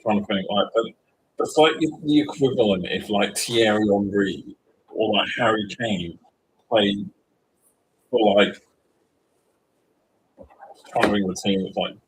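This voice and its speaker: A young man talks through a sports livestream in a loose, rambling way, piling up likes and ums as he hunts for examples. His voice sits low. A faint hiss of noise runs under the recording. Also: unhurried, pauses often, poor audio. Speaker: livestream co-host. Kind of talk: casual sports chat.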